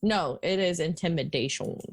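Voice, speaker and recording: A woman's voice: sits low, moderate pace, gravelly. A woman player in a tabletop game, talking casually about her character's moves.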